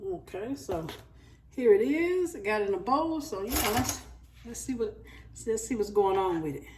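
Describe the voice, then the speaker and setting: A woman's voice: mid-range voice, animated, normal speed, distant mic, noisy background. A woman, chatting casually to her viewers as she cooks and tastes food in her home kitchen. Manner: chatty, talks straight to viewers as y'all. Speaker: cooking vlogger. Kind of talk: casual chat while cooking and tasting.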